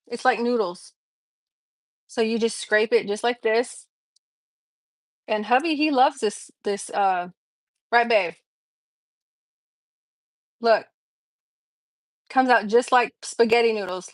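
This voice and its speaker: A woman's voice: a little high, slow, long pauses, no room sound. A woman hosting a casual livestream from her kitchen, chatting to viewers and laughing often. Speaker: livestream host.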